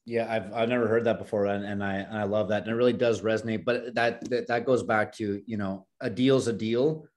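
A man's voice: fairly low pitch, fairly even intonation, brisk, a little mellow. A man co-hosting a podcast, asking earnest, conversational questions. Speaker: podcast co-host. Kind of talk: podcast interview.

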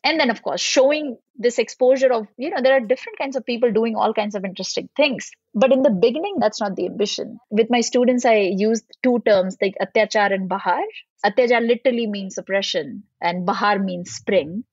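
A woman, a podcast guest, telling a deeply personal story in an earnest, reflective way. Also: fairly quick, husky, no echo. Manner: reflective, earnest, voice wavering with emotion. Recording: dull lo-fi sound with soft music.

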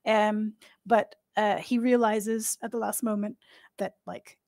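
Woman gm narrating slow and descriptive, dry close mic. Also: medium pitch, little pitch movement, darkish tone, dry recording. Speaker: game master. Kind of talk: narrating a tabletop game.

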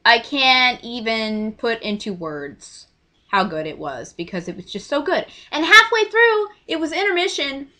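A young woman telling a story to camera in a casual, gushing way, often trailing off into quiet asides. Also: a little high. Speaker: vlogger.

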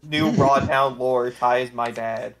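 A young man co-hosting a podcast, chatting casually in a quick, blunt, sardonic way. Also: mid-range voice, fairly even intonation, background noise. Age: young adult. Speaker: podcast co-host. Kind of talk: casual chat.

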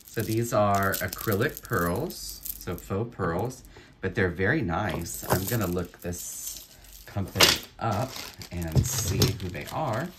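A man with a deep, low voice talks through an unboxing of jewelry he resells. He takes his time and lingers on each find, musing aloud in an admiring way. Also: slow pace, heavy background noise. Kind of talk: unboxing commentary.

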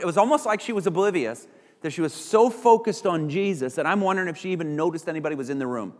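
A man preaching a sermon as pastor, acting out little voices of the people he quotes. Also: on the high side. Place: church sanctuary. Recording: church hall reverb.

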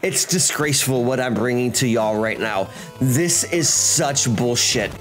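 A gaming channel host rants and swears through his gameplay commentary, lurching between shouting and muttering. He speaks at a medium pitch and a measured pace, with music playing in the background.

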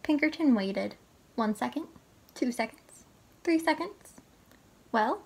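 Slow husky woman reading a picture book. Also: sits high, animated, a little mellow. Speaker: teacher reading aloud. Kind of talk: storybook read-aloud.

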